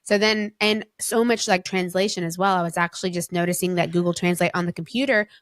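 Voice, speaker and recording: A woman's voice: on the low side, steady tone, fast talker, dry recording. Woman host, dry close sound, chatty casual interviewer. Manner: chatty, uses many fillers. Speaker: podcast host.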